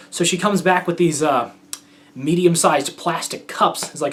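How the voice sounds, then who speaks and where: A man's voice: a little high, normal speed, a bit bright. A young man from the United States telling stories as a show host in casual solo talk, rambling and hesitant, with many fillers and restarts.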